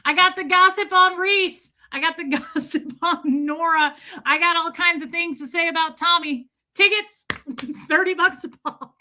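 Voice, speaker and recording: A woman voicing a sleazy male ticket scalper who calls out loudly like a hawker. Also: extremely high pitch, unhurried, pitched above the performer's own voice, exaggerated voice. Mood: hawking. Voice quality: loud, brash hawker's call.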